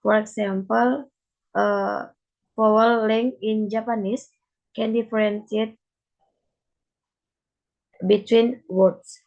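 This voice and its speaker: Slow, careful young woman presenting slides. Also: mid-range voice, steady tone, gravelly, a little mellow, lo-fi sound. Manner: careful, deliberate reading with frequent repeats. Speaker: student presenter. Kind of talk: class presentation reading from slides.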